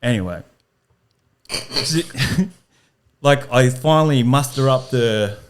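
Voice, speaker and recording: A man's voice: mid-range voice, takes it slowly, a little hiss or hum. A young man, a podcast guest, telling a self-deprecating story and laughing through it. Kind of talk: casual storytelling.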